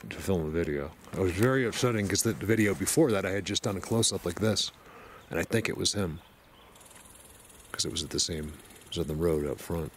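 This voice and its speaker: Excited rambling man vlogging outdoors. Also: low-pitched, slight background noise. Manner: excited, rambling, talks to viewers. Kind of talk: casual outdoor vlog. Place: outdoors on a mountain road. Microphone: helmet-mounted camera.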